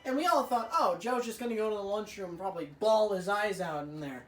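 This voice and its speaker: A woman telling a rambling, swear-filled school story while playing a racing game, with excitable outbursts. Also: medium pitch, fast talker. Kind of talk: casual let's-play storytelling. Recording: echoey room, faint music.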